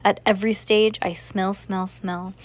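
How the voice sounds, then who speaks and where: A woman voicing a gentle, soft-spoken blind male chef in a read-aloud story, slow and measured. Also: medium pitch, level tone, no echo, close to an everyday voice. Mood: instructive.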